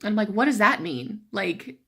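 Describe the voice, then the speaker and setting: A woman's voice: medium pitch, lively intonation, normal speed, creaky, sharp tone, slightly rough. A young woman tells a story to the camera in a casual vlog, chatty and sarcastic, filling her talk with "like". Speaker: cancer patient vlogger.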